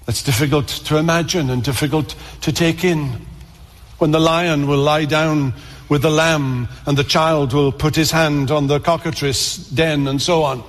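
Male preacher, slightly high voice, earnest sermon with halting restarts, echoing church hall. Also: fairly even intonation. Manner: earnest, repeats words and stammers on restarts. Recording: long reverb of a large hall.

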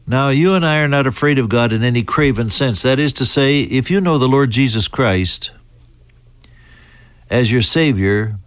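American male Bible teacher, mid-pitched, deliberate delivery with restarts, dry close sound. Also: dry recording. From United States. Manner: deliberate, halting, with fillers and restarts. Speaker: preacher.

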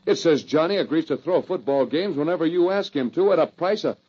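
Casting a brash buddy in a radio serial, raspy, dull vintage sound. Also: male voice, a little high, fairly quick. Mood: excited. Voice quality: brash and excitable. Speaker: sidekick. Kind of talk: old-time radio drama acting. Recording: dull lo-fi old radio recording.

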